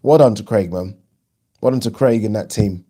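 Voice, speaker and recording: A man hosting a casual live stream, chatting and reading viewer comments aloud in an animated way. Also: lowish voice, normal speed. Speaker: boxing channel host.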